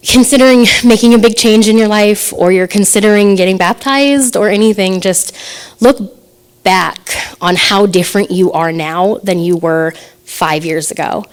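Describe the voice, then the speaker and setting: A woman in her thirties giving a personal testimony to her congregation, hesitant and full of fillers, emotional and laughing nervously between phrases. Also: mid-range voice. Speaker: assisting minister giving a message.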